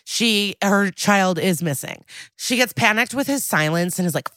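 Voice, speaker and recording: Chatty woman recapping with lively acted quotes. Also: moderate pace, no echo, clean studio sound. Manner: animated storytelling, acting out quoted lines with jumps in pitch. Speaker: podcast co-host recapping an episode. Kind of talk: casual chat.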